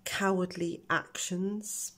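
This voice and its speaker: A woman's voice: fairly low pitch, steady tone, takes it slowly, a bit bright, slight background noise. A middle-aged woman giving a tarot reading to her viewers, talking earnestly and speculating about what she senses. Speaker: tarot reader.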